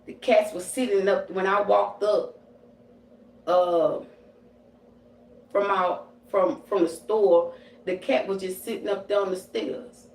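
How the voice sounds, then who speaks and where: A woman's voice: medium pitch, fairly even intonation, slow, long pauses, a little mellow. A woman livestreaming as a psychic medium, ranting in a profane, confrontational, slangy way. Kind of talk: livestream rant. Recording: roomy and distant from the mic.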